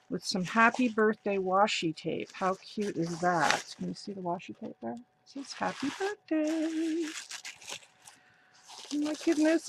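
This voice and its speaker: Slow, gushing woman with vocal fry. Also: mid-range voice. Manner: gushing, excited, breathy gasps. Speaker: crafting channel host. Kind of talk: casual unboxing vlog.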